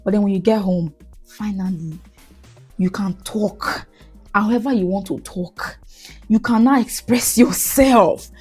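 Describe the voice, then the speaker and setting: A woman with a Nigerian accent, hosting a podcast and telling animated, laughing stories in a casual monologue. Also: mid-range voice, unhurried, slightly rough, soft background music. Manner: animated, laughing, slips into pidgin. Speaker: podcast host.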